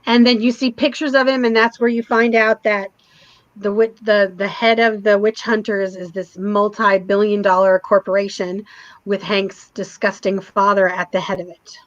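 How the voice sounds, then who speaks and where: A woman's voice: mid-range voice, flat delivery, moderate pace, no room sound. A woman co-hosting a casual chat, animatedly and emotionally retelling a TV episode. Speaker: co-host. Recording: dull lo-fi stream audio.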